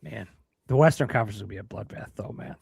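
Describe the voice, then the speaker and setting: A man co-hosting a sports podcast in loose, easygoing banter, chuckling as he goes. His voice has a gravelly, fry-laden edge. The sound is dry and close, with no room echo. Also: on the low side, very animated, quick pace, darkish tone. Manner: laid-back, chuckling banter. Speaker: podcast co-host. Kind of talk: casual sports chat.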